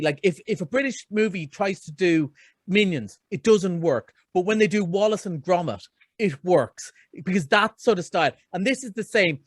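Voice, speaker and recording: A middle-aged man with a notably high voice talks through a film review in a chatty, enthusiastic ramble. The sound is close and dry, with no room around it. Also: no echo. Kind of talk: casual radio chat.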